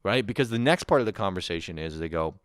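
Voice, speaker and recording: Profane, animated man ranting in a dry room. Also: low voice, quick pace, no room sound. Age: 30s. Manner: profane, exasperated ranting with acted-out quotes. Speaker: podcast host. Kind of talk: comedic rant.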